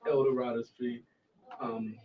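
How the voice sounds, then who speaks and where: A man's voice: medium pitch, little pitch movement, a little slow. A man co-hosting a local political talk show in a casual, blunt and emphatic way. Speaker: political show co-host, former county commissioner. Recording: muffled sound from a distant mic.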